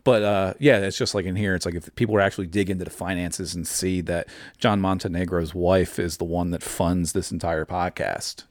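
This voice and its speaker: A man with a South Jersey accent, co-hosting a podcast, riffing fast and rambling with plenty of swearing. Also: sits low, fairly even intonation, no echo, clean studio sound. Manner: rapid, rambling riffs, profane. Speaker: podcast co-host. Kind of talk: casual chat.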